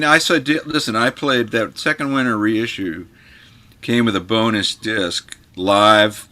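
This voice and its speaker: A man, a guitar magazine editor, telling stories in a casual chat and acting out the people he quotes. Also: lowish voice. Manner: animated storyteller who acts out the people he quotes.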